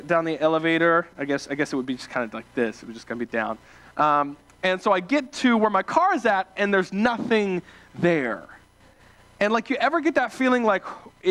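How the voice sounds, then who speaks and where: Young male preacher from small-town Ohio, high voice, animated and filler-heavy storytelling. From small-town Ohio, USA. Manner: animated, self-deprecating, many fillers and restarts. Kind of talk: casual storytelling sermon.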